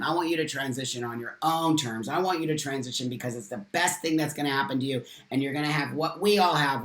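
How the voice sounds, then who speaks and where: Reading viewers' comments on his live stream, the host swears freely and speaks with passionate emphasis. He has a fairly high, bright, forceful voice, recorded with a roomy echo.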